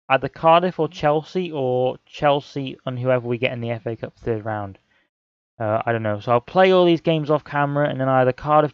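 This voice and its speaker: A man's voice: mid-range voice, clean tone, no room sound, highs cut off. A young man commentating on a football management game, often frustrated and exclaiming at the action. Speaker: gaming channel host.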